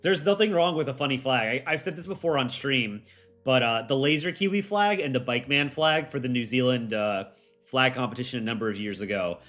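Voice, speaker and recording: A man's voice: mid-range voice, brisk, fairly bright tone, soft background music. A young man hosting a livestream, chatting casually and rambling with lots of fillers. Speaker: livestream host.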